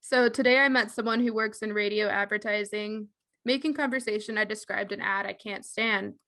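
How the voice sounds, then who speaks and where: A woman's voice: mid-range voice, fairly even intonation, normal speed, sharp tone. A woman co-hosting a podcast in casual chat, laughing often and teasing her co-host. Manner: laughs often, reads aloud, light teasing.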